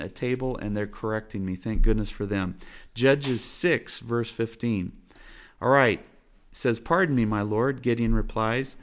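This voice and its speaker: A man preaching a sermon from his family's dinner table, earnest and exhorting, driving points home with repeated phrases. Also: mid-range voice. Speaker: pastor.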